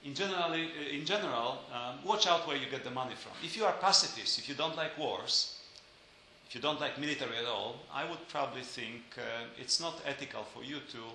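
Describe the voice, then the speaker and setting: A man lectures students in a keen, bright voice and stops often to search for words. He slips dry jokes into his points. The sound rings around a very roomy, reverberant space. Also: mid-range voice, brisk, slight background noise. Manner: hesitant with many fillers, dry joking asides.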